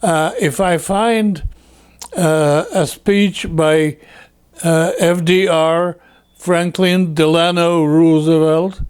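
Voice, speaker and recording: A man, a native Russian speaker, teaching in an unhurried, explanatory way with frequent fillers. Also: fairly high pitch, fairly even intonation, darkish tone, smooth. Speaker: English teacher. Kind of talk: explanatory lesson talk.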